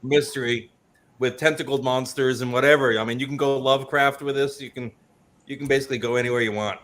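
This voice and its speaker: A man's voice: medium pitch, fairly even intonation, fast talker, a bit bright, slight background noise. A man who created a tabletop game explains it at a convention panel, talkative and full of restarts, with a recurring cough. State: coughing, slightly choked up. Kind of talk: casual convention panel chat.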